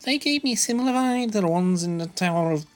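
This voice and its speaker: A man voicing a brisk female sergeant with a lifted voice. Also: high-pitched, lively intonation, voice pushed up. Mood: alert.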